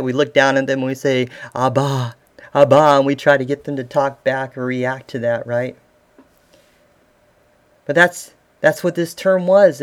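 A man, a father, preaching a sermon as pastor, earnest and asking the listeners questions. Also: fairly high pitch. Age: adult father.

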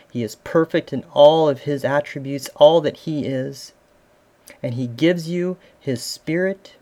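A man's voice: mid-range voice, darkish tone. A man, a father, preaching a sermon as pastor, earnest and asking the listeners questions. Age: adult father.

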